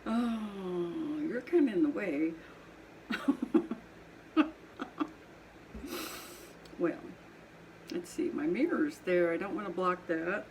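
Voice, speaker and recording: A middle-aged woman with a Southern twang and a sniffly nose, talking slowly and unhurriedly as she works at her pottery wheel. She rambles and laughs easily through casual chat in her home studio. A steady hiss of background noise runs under her voice. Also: lowish voice, poor audio. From Colorado. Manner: chatty, rambling, laughs often. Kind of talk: casual chat while working.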